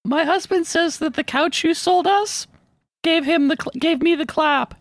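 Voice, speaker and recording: A woman making a prank phone call, shrill and flustered as she complains. Her voice is very high, and the recording is dry and close. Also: moderate pace, no echo. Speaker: prank caller.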